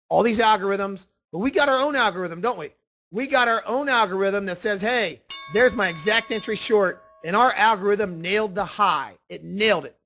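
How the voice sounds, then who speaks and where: Emphatic high-voiced male trading instructor. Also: vocal fry, a bit bright. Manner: emphatic, repetitive, salesy. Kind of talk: screen-share trading lesson.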